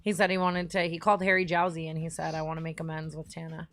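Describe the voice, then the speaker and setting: Chatty low-voiced young woman. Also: flat delivery, quick pace, fairly bright tone. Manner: chatty, teasing, lots of "like". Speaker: podcast guest. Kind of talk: casual chat.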